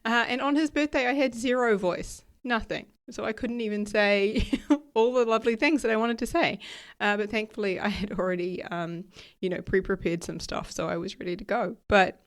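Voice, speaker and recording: A woman hosting her own podcast as a coach. Her voice is raspy and nasal because she is still recovering from losing it, and she talks in a chatty, upbeat way, tagging sentences with "right?" and "okay?". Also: medium pitch, moderate pace. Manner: chatty and upbeat, laughs often, uses "right?" and "okay?" as tags. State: recovering from lost voice. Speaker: podcast host and ADHD coach. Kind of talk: casual solo podcast talk.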